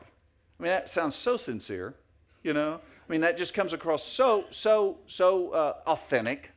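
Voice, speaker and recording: Middle-aged guy preaching, folksy storytelling, lots of uh and you know, slightly high voice. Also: very animated, unhurried. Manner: folksy, anecdotal, many fillers and restarts. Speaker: pastor. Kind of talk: sermon.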